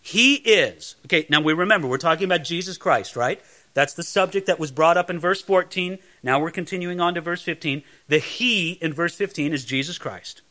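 A male preacher with a high, bright voice delivers an emphatic Bible sermon. He repeats his phrases for weight and stops to ask the listeners questions. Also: fairly quick. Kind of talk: sermon, verse-by-verse Bible teaching.

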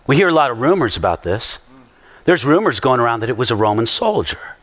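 A man preaching a sermon as pastor, an animated storyteller who acts out the quotes he tells. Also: mid-range voice, fairly quick. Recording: long hall reverb.

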